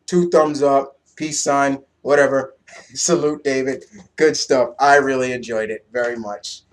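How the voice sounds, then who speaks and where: A young man giving a casual, excitable comic book review, loose and swearing freely. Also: medium pitch, a little slow.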